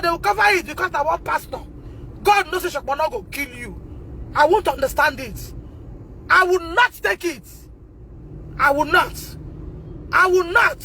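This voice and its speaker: A Nigerian woman with a Nigerian English accent, speaking out on a phone livestream, emotional and repetitive, rising to shouts and tearful at times. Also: very high-pitched, moderate pace, long pauses, a little hiss or hum, rough recording. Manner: emotional, repeats herself, rises to shouting. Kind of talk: impassioned livestream testimony.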